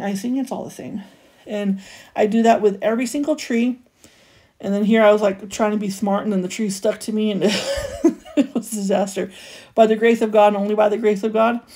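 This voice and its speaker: A woman's voice: mid-range voice, warm tone. A young adult woman hosting a craft channel, chatting casually through a voice-over tutorial, self-mocking and full of fillers like "like" and "you know".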